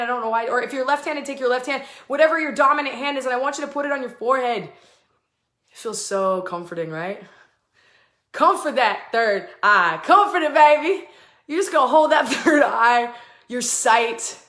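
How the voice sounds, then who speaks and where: A woman hosting a live spiritual channeling session, fast and emphatic, with swearing, and breaking into chanted invented syllables. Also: high-pitched, fairly bright tone. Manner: fast, emphatic and effusive, with profanity; chants stretches of made-up syllables. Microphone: live online video stream. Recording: echoey room.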